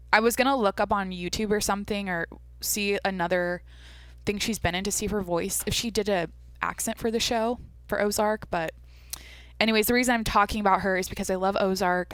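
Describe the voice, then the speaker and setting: A woman's voice: medium pitch, fairly bright tone, no echo. A woman hosting her own podcast alone, chatting casually, rambling, restarting her sentences and swearing freely. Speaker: podcast host. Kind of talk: casual solo chat.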